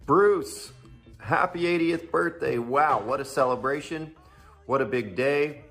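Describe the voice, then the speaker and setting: A man giving a heartfelt video birthday tribute, halting, with many restarts. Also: on the high side, creaky, a bit bright, faint music behind. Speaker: friend sending a video greeting.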